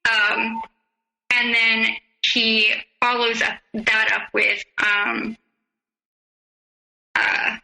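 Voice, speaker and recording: A woman speaking as a podcast guest, working haltingly through a personal story and recounting old conversations in detail. Her voice sits on the higher side and has a very bright, forceful edge. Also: completely flat delivery, vocal fry, faint music behind, poor audio.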